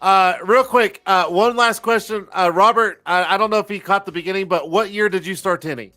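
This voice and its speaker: High bright-voiced guy in his 40s, cussing, rambling host chat. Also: brisk, soft background music. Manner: profane, rambling, self-mocking. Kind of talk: casual live-stream chat.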